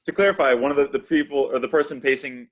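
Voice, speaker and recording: Man, tabletop player, playful narration, mid pitch. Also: fast. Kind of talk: narrating his character's actions.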